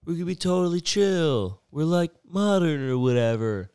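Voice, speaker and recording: A man doing a high, smug official voice. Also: animated, normal speed, darkish tone, clear, resonant tone, no room sound, clean studio sound, close to an everyday voice. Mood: mocking. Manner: high, sarcastic mimicry. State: stuffy-nosed from a cold. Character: mocking voice of boastful male officials.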